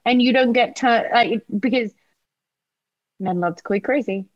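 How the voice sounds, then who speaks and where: A woman's voice: fairly high pitch, normal speed, dry recording, muffled recording. A woman talking candidly in a casual chat, swearing freely and laughing often.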